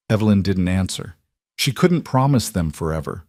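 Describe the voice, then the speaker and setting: A man giving scripted narration of a frontier story in a slow, solemn, measured way. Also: low-pitched, animated, a little mellow, no echo, clean studio sound.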